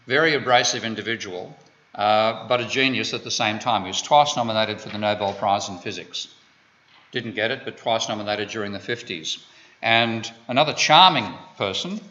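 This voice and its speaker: A man's voice: on the low side, bright, forceful tone. An Australian man giving an economics lecture, digressive and full of wry asides. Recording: dull lo-fi lecture recording.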